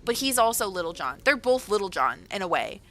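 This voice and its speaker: A woman's voice: mid-range voice, big pitch swings, a little fast, fairly bright tone. A woman author hosting a casual livestream, chatting in a rambling, self-correcting way.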